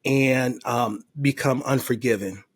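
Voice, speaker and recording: A man speaks earnestly as a podcast guest, his voice slightly husky. He tells his recovery story with heartfelt, emotional faith. The sound is dry and close. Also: medium pitch, a little slow, dry recording. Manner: faith-filled. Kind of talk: personal testimony in conversation.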